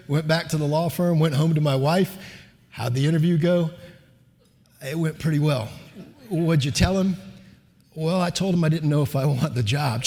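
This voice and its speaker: Gravelly middle-aged man telling a story. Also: a little high, brisk, darkish tone. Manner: conversational, anecdotal, with fillers. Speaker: keynote speaker, lawyer. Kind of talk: personal storytelling speech. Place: large lecture hall. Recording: reverberant lecture hall.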